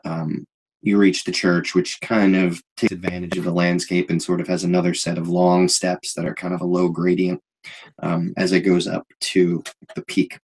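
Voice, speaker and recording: A man narrating a tabletop role-playing game in an unhurried, halting way, full of little fillers. His voice sits low and has a husky grain. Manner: relaxed, hesitant, many fillers. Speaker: game master.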